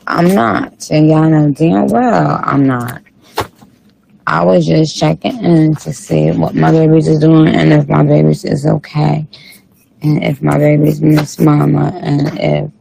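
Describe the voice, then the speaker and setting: A man's voice: a little high, vocal fry, dark tone, a little hiss or hum, full character voice, poor audio. A man doing a comic impression of a sassy, tired female rap star who reads live chat comments on a late-night stream, with a drawling, profane manner.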